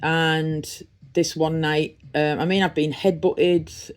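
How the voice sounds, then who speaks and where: A woman's voice: sits low, level tone, slow. A middle-aged woman from the North East with a Teesside accent, chatting casually and rambling through an unboxing vlog. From Redcar, North East England. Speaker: vlogger.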